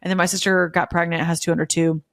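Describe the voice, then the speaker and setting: A woman's voice: on the low side, flat delivery, fast talker, vocal fry, dry recording, studio quality. Gushing woman podcast host. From Memphis, USA. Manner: gushing, emotional, chatty with many fillers. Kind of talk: casual chat.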